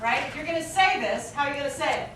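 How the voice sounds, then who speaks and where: Bright-voiced woman teaching a class. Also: high voice, quick pace, slight background noise. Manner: energetic, quizzing students with frequent "right?". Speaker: acting teacher. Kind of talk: classroom instruction. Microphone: far camera. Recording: echoey room from far off.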